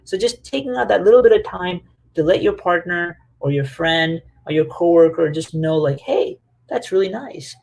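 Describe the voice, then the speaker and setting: A man leading a casual talk to a group about relationships, animated and chatty, with lots of fillers and playful acted-out quotes. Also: on the high side, moderate pace, gravelly.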